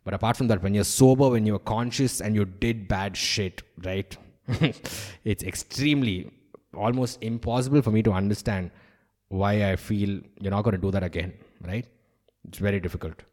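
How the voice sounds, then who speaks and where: A man's voice: on the low side, fairly even intonation, moderate pace, darkish tone. A man, a stand-up comedian, talking in a candid, opinionated podcast monologue and swearing freely.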